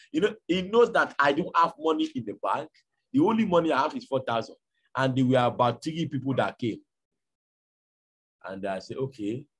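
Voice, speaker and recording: Man, pastor, Nigerian accent, husky, animated storytelling sermon. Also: mid-range voice. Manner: storytelling, animated, acts out dialogue.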